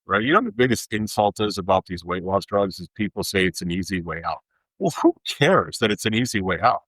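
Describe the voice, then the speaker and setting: A man's voice: low-pitched, a bit bright, dry recording, poor audio. A man hosting a podcast, talking in an emphatic, worked-up rant. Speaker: podcast host. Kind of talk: casual chat.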